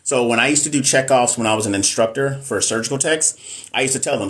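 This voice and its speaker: A man's voice: mid-range voice, fairly quick, fairly bright tone. A middle-aged man, a nurse and NCLEX coach, chatting casually on a live stream and answering viewer comments in a frank, emphatic way.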